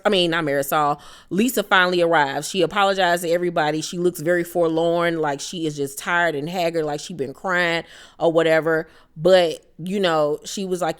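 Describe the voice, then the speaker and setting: Animated gossipy woman, low voice. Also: clear, resonant tone. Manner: animated, profane, gossipy, mock-outraged. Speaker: reality TV recap host. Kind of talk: casual gossipy recap.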